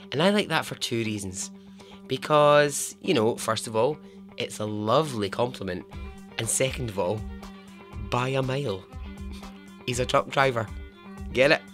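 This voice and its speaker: Bright and forceful in a mid-range register, this Scottish podcaster recounts a real story casually and playfully. He keeps cracking himself up along the way.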